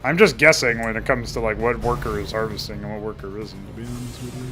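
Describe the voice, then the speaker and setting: A man's voice: on the low side, fast, bright, forceful tone, faint music behind. A man giving casual, chatty let's-play commentary in a sardonic tone, swearing often. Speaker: gaming commentator.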